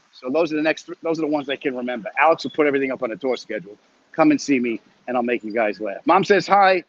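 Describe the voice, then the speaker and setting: A comedian hosting his weekly live chat walks home outdoors, phone in hand, reading comments and chatting casually while a bit winded. His medium-pitched voice comes through with the highs cut off, and he rambles and jokes throughout.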